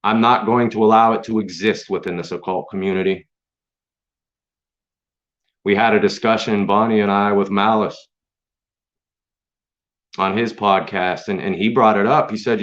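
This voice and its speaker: A man's voice: on the low side, steady tone, moderate pace, long pauses. A man hosting his own stream, delivering an angry, profane, confrontational rant straight at his critics. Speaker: online stream host. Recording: dull lo-fi sound.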